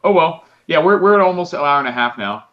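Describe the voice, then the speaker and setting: A man's voice: a little high, expressive, fast talker, highs cut off. A man hosting a casual podcast chat over a video call, easygoing and joking. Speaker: podcast host. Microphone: video call mic.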